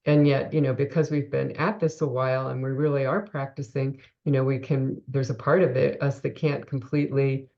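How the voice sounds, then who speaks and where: A woman's voice: extremely low pitch, flat delivery, brisk, vocal fry, hardly any pauses, muffled recording. A woman co-hosting a reflective spiritual conversation, thinking aloud with many fillers and restarts. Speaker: co-host discussing a spiritual text.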